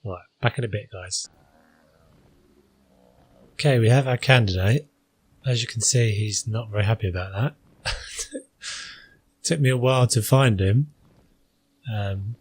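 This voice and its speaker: A man's voice: on the low side, unhurried, pauses often, slightly rough. A man hosting a gaming channel, talking through his gameplay in a casual, hesitant way with many fillers.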